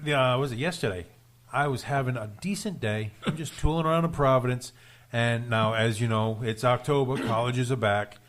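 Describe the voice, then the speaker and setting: Rhode Island guy, radio host, loose, rambling, laughs through his stories; mid-pitched, easygoing chat. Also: moderate pace, a bit bright. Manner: rambling storyteller, laughs often. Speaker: radio show host and rideshare driver. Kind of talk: casual studio chat, telling an anecdote. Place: radio studio.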